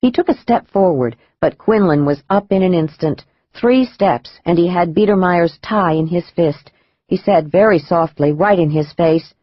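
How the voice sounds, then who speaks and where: A man narrating a thriller audiobook in a measured, even manner. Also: high-pitched, no echo, lo-fi sound.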